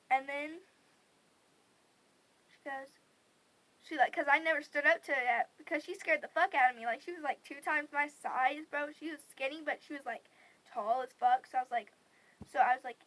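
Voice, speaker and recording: Young woman with a high voice, storytime chat, swears a lot and says like constantly. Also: normal speed, pauses often, poor audio. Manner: animated, profane, fills with 'like'. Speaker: vlogger.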